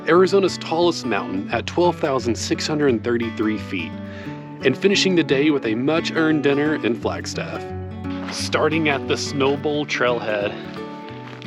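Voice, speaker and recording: A man talking through a solo mountain hike, chatty and upbeat, at times out of breath. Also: fairly high pitch. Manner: upbeat, chatty, says y'all. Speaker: hiking vlogger. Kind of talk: hiking vlog with voice-over narration. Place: outdoors on a mountain trail. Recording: light music behind.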